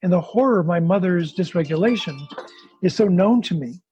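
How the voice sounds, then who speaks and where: Man, therapist, explaining a method, high pitch, dark tone. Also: animated, brisk, muffled recording, faint music behind. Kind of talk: explanatory talk with role-play demonstration.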